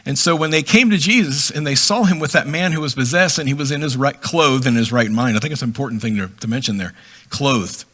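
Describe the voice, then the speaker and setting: A man's voice: mid-range voice, brisk, a bit bright. A middle-aged man teaching from the Bible in a casual, conversational way, reading verses and then explaining them with asides. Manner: reads scripture then explains it in a chatty way, acting out voices with laughs. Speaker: preacher.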